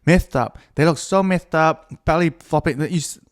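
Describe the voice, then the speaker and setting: A man's voice: on the high side, normal speed. A man hosting a solo podcast, talking in a crude, meandering, self-mocking way with many fillers and restarts. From New Zealand. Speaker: podcast host. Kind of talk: rambling solo podcast monologue.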